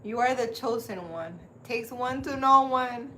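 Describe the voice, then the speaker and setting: Chatty animated woman with a bright voice. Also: a little high, a little slow, slight background noise. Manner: animated, chatty, laughs often. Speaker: spiritual healer, host of her channel. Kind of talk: casual live-stream chat.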